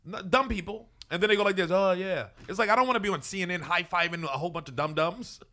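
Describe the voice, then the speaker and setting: A man's voice: high-pitched, rapid-fire, pushed and bright. A man co-hosting a casual comedy podcast, talking loosely with profanity and frequent laughter. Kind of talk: casual chat.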